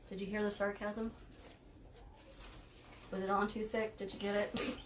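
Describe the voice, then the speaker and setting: A woman's voice: medium pitch, lively intonation, normal speed, pauses often, fairly bright tone, slight background noise. A woman hosting a live craft tutorial, chatting casually while she works, thanking viewers by name and laughing easily with dry sarcasm. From United States.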